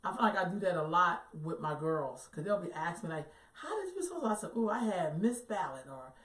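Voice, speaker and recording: A middle-aged woman with a lowish voice tells stories in a casual, earthy way, hitting her points hard. She sounds set back from the mic in a roomy, echoing space. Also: brisk, fairly bright tone. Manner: storytelling, earthy, emphatic, swears casually. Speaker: co-host. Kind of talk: casual talk show chat. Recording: roomy echo, far from the mic.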